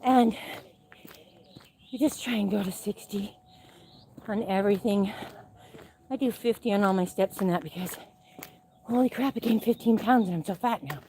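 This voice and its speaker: A woman's voice: medium pitch, moderate pace, pauses often, mellow, a little hiss or hum. A middle-aged woman from Utah, out of breath as she walks and exercises outdoors, rambling chattily into her phone and laughing often. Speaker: livestream host. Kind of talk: casual live-stream chat while exercising. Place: outdoors, walking.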